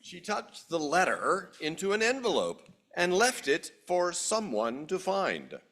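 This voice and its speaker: A man serving as minister, reading a picture book aloud with gentle, expressive storytelling and then leading a church ceremony. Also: sits high, unhurried.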